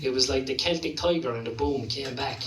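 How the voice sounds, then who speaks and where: This Limerick comic from Ireland talks briskly in a mid-range voice, spinning sweary, meandering tales heavy on "like" and "you know." Recorded at a distance in a reverberant comedy club, the clip has background noise.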